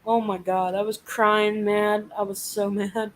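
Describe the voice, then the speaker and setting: A woman's voice: mid-range voice, little pitch movement, measured pace, a little hiss or hum, poor audio. A woman hosting a casual live chat, venting and swearing as she animatedly retells a frustrating week. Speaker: live stream host.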